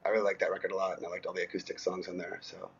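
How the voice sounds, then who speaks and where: A lowish, husky-voiced man talking over his own songs in an easygoing way, stopping often to search for words. The recording sounds a little dull and lo-fi. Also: monotone. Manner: halting, lots of ums, easygoing. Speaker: musician guest. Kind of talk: casual interview talk.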